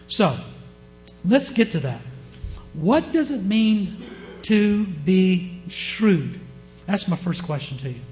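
A man with a Southern US accent preaching a sermon, often asking his listeners questions and shifting his pace and loudness. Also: high voice. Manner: asks the congregation questions, varies pace and loudness. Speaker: pastor.

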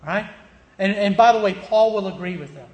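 A man with a notably high voice delivers a sermon as a pastor. He reads scripture aloud, leans hard on key words and keeps asking his listeners short questions. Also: fairly quick, roomy sound, highs cut off. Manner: emphatic, stretches key words, checks in with rhetorical questions.

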